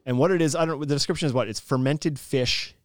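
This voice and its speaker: Guy on a podcast, rambly and excited, laughs a lot, dry close sound. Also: a little high, fast talker, no room sound. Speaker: podcast co-host. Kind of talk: casual chat.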